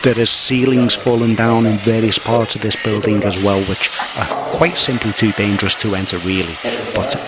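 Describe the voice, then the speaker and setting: A man's voice: lowish voice, fairly even intonation, normal speed, hardly any pauses, heavy background noise. A man from Merseyside in England reporting nervously and earnestly on a paranormal investigation inside an abandoned asylum at night. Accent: English, Merseyside. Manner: nervous, earnest, repeats phrases. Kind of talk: on-location report.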